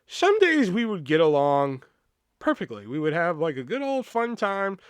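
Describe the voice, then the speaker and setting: A man in casual storytelling mode, swearing freely and jumping into voices for the people in his stories. His voice sits a little high for a man and sounds close and dry, with no room around it. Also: moderate pace, smooth, dry recording. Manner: profane, animated, acts out quoted voices. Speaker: podcast host.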